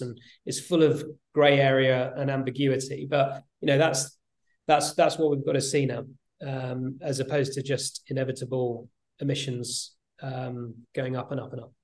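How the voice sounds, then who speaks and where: A man talking casually as a guest on a podcast, animated, laughing often and repeating words for emphasis. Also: medium pitch. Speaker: guest, retail executive.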